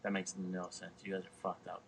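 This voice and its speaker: A man with a New York accent hosting a podcast, teasing his friend loudly and swearing freely in casual banter. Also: low voice, completely flat delivery, a little fast, husky. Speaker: podcast host.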